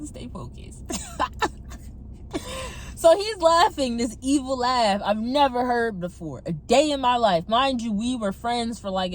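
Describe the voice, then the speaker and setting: Woman, young adult, casual testimony storytelling, fairly high pitch, animated, phone camera, faint room ambience. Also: a little hiss or hum. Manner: animated, addresses viewers as y'all. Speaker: testimony vlogger.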